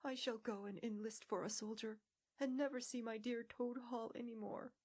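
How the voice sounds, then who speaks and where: A woman voicing a spoiled, boastful young male toad who talks airily and excitably. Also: a little high, normal speed, pitched above the performer's own voice, lightly acted. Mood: excitable. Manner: airy, excitable, self-pitying.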